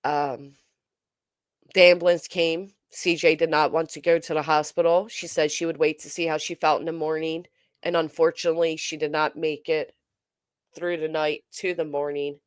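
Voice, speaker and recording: Low and level, this woman's voice moves at a normal, smooth pace in a dry studio-quality recording. As host of a relaxed commentary stream, she reads out what viewers write and answers chattily, though she stumbles through frequent ums and uhs.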